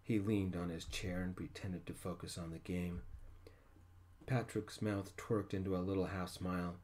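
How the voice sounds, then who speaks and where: A man narrating a story in a soft-spoken ASMR style, gentle and hushed. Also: low-pitched, steady tone, moderate pace.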